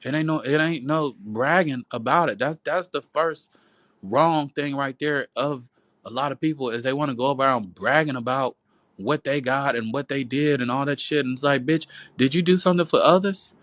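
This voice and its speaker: At home on a phone livestream, a male host delivers a profane, rambling, sermon-like monologue, preachy and repetitive, calling his viewers "boo" and "y'all." He speaks at normal speed with a medium pitch and a slightly bright voice. There is no room sound.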